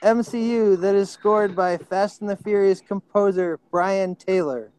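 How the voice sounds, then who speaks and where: A man hosting a trivia tournament, reading out questions and reacting with excitement to answers. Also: high voice, moderate pace, clear, resonant tone. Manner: excitable, apologetic about slips. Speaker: quiz host.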